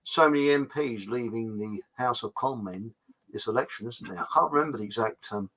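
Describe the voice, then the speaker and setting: Bright-voiced rambling man. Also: medium pitch, brisk, poor audio. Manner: rambling, hesitant, full of ums and restarts. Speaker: host. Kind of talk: casual livestream chat.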